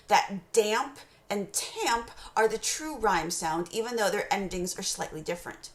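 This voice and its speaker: Her voice at medium pitch, a woman teacher gives a recorded poetry lecture, calmly explaining terms and slowly reading short poem excerpts aloud in an echoey room.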